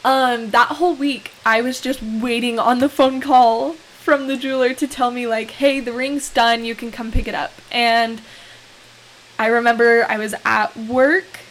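A young woman in her twenties casually telling a story as podcast co-host, laughing often and animated. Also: fairly high pitch, poor audio. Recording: faint hiss.

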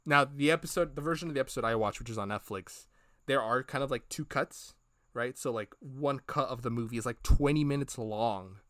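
A man's voice: medium pitch, a little fast, fairly bright tone, no room sound, clean studio sound. A man cohosting a podcast, retelling scenes in a casual, rambling way with many fillers and quoted lines. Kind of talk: casual review chat.

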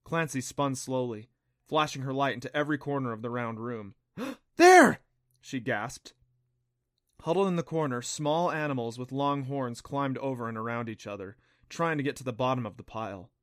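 Steady male audiobook narrator, dry close sound. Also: medium pitch, a little fast, dry recording. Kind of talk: scripted narration.

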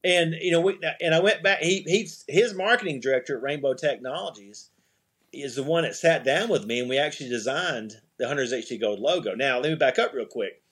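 A man's voice: mid-range voice, lively intonation, brisk, fairly bright tone, husky. A man telling rambling anecdotes as a podcast guest, often restarting his sentences and chuckling. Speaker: podcast guest, eyewear company CEO. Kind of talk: casual storytelling interview.

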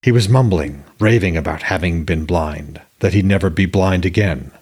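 A man reading a storybook role of an older male sage with a gray beard, speaking flatly and sternly. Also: low voice, normal speed, husky. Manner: flat, stony delivery.

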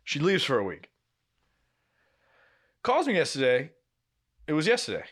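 A man in his twenties telling an animated story in casual podcast chat, swearing freely. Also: on the high side, measured pace, breathy edge. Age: 20s. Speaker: podcast co-host.

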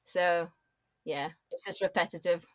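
A woman's voice: lowish voice, fairly even intonation, a little slow, no echo. Woman, twenties, mixed accent, chatty, laughs often, dry close sound. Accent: mixed, often taken for American or Canadian. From born in Dubai, raised in Scotland. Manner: chatty, laughs often, many likes and restarts. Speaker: guest, designer. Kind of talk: casual interview chat.

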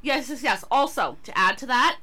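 Lively, bright-voiced Canadian woman. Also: on the high side, moderate pace. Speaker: podcast co-host. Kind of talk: casual chat.

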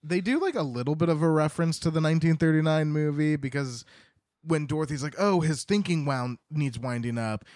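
A man's voice: a little high, brisk, no room sound, clean studio sound. A man co-hosting a podcast, retelling a film with swearing and acted-out quotes. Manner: expressive, swears, acts out quotes. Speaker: podcast co-host. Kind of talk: casual chat recapping a film.

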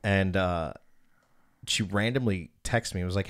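Deep-voiced and unhurried, a thirty-something man hosts a laid-back podcast. He shares personal stories, cusses frequently, and says "dude" a lot.

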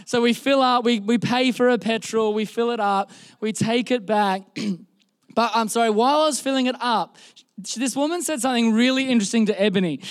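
A young Australian man preaching a sermon, telling a story in an animated, self-deprecating way, often restarting his sentences. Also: extremely high pitch, a little fast, smooth, dry recording, studio quality. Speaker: pastor. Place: church service.

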